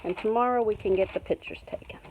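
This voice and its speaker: A woman's voice: medium pitch, quick pace. A woman talking to her puppies on a phone camera in sing-song baby talk, at times dropping to a whisper. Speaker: dog breeder filming her puppies. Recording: tinny phone-like audio with clear background noise.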